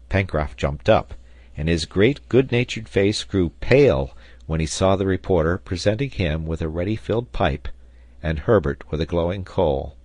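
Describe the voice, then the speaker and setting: A man from South Carolina narrating a classic adventure novel in a measured, even reading. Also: low voice, dry recording. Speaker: audiobook narrator. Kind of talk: volunteer audiobook narration.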